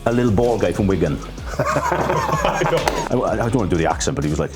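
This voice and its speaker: A Welsh man in his forties tells stories in a very deep voice that rises and falls a lot. He keeps it self-deprecating and chatty. Music runs clearly beneath him. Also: sing-song, fairly quick. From Wales. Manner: self-deprecating, laughs mid-story, chatty. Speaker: podcast guest, rugby coach. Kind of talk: casual chat, anecdotes.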